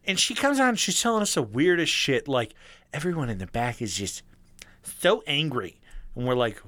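A young man telling a story in casual chat, animated, swearing freely and acting out the people he quotes. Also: mid-range voice, normal speed, no echo.

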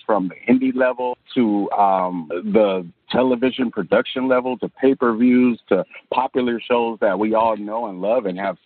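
A man's voice: lowish voice, husky, dry recording. A man who is a professional wrestler and color commentator, chatting in a rambling interview with many fillers, heard over a phone line. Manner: rambling, laughs often, many fillers and restarts. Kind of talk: casual interview chat. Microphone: phone or call line. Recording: tinny dry phone-line sound.

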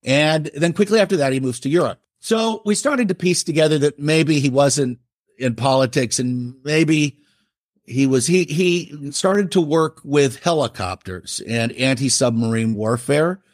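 A man's voice: fairly high pitch, measured pace, no room sound. Man, middle-aged, writer, rambling anecdote, self-interrupting, dry close recording. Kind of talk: casual anecdotal storytelling.

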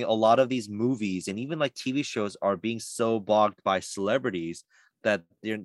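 A man who works as a voice actor, talking in a casual podcast interview, animated and chatty with lots of fillers. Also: on the low side, no room sound. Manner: animated, lively storytelling with many fillers. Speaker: voice actor guest.

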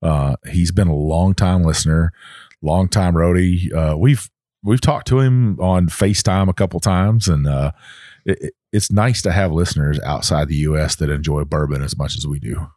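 A man's voice: sits low, normal speed, mellow, no room sound, clean studio sound. A man with a Southern US accent, co-hosting a podcast in a folksy, rambling way with plenty of fillers. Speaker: podcast co-host. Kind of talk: casual chat.

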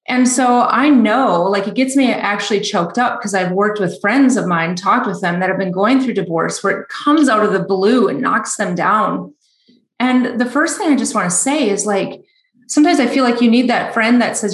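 A woman's voice: mid-range voice, normal speed, roomy sound. A middle-aged woman speaking as a guest author in a podcast interview, earnest and reflective, sometimes getting choked up.

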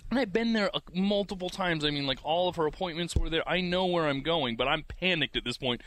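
A man telling a dramatic personal story in casual conversation, acting out the quotes in an animated way. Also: on the high side, fairly quick. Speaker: guest telling a birth story.

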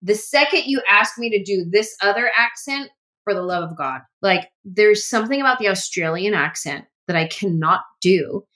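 Woman comedian, podcast guest, animated anecdotes with voiced quotes. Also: medium pitch, moderate pace. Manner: animated storytelling, acts out quotes. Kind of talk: casual interview chat.

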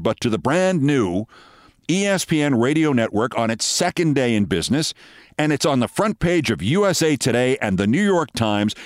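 An older man hosting a show, telling a long anecdote in a wry, brisk storytelling manner. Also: mid-range voice, no echo, clean studio sound. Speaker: host. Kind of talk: storytelling monologue.

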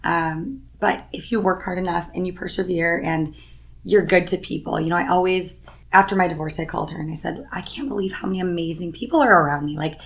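A woman talks in an earnest, upbeat way during a casual podcast chat. Her voice is fairly low with a gravelly, fry-laden edge. She leans on fillers and restarts as she thinks aloud. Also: fairly quick.

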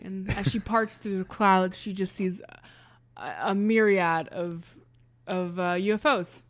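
A woman's voice: mid-range voice, fairly even intonation, measured pace. Playful woman podcast co-host. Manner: playful, jokey storytelling. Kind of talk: casual comedy podcast chat.

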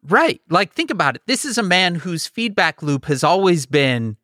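A man co-hosting a casual political chat, profane and mocking, slipping into quick impressions. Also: sits high, very animated, sharp tone, no echo, clean studio sound. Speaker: podcast co-host.

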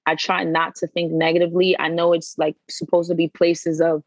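A woman guest in a casual interview, telling stories in an animated, emphatic way and repeating words for effect. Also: lowish voice, a little fast, no room sound, poor audio. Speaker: podcast guest.

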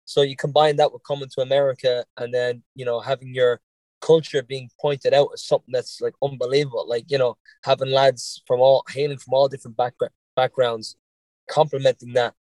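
A man's voice: mid-range voice, level tone, a little fast, a little mellow, no echo. An Irish man with a light Dublin accent that has a touch of Boston in it. He is a podcast guest telling stories in a rambling, profane way and laughs often. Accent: Irish, Dublin leaning, slight Boston. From Ireland. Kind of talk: casual interview chat.

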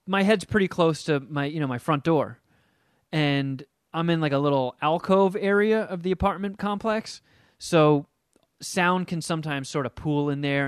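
A man's voice: a little high, smooth, no echo, studio quality. A man co-hosting a casual chat, telling rambling stories and swearing freely. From Los Angeles area resident. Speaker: podcast co-host.

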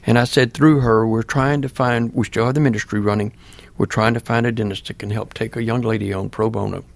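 An older man with a gravelly, fry-edged voice, somewhat low in pitch. He speaks plainly and earnestly as a pastor in an interview, acting out remembered conversations. The sound is dry and close. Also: fairly even intonation, a little fast, no room sound. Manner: plain-spoken, earnest, acts out remembered dialogue. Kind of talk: personal storytelling in an interview.

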